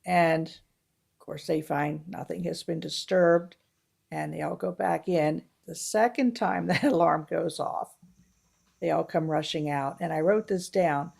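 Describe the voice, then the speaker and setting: A woman co-hosting a casual film review chat, retelling movie scenes with animated storytelling. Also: low-pitched, a little slow, vocal fry. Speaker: podcast co-host.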